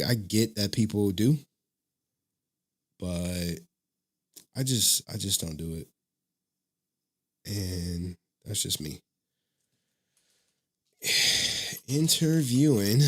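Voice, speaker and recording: A man with a fairly low voice runs a loose, casual live stream. He rambles from one thought to the next and breaks into laughter as he answers his viewers. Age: adult father of a young child. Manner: rambling, laughs often, talks to chat.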